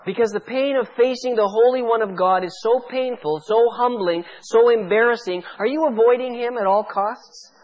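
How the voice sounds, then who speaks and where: A pastor preaching a sermon with fervent, pleading intensity, firing off rhetorical questions at the congregation. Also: male voice, extremely high pitch, normal speed, few pauses, lo-fi sound.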